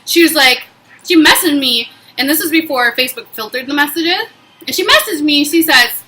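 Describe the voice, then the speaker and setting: Bright high-voiced woman vlogger. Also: moderate pace, low-quality recording. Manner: emphatic, animated retelling with frequent fillers. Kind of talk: casual storytelling vlog.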